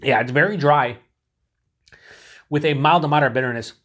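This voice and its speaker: A man's voice: a little high, brisk, a bit bright. A man casually reviewing a beer on his own channel, rambling and mocking himself, with some swearing.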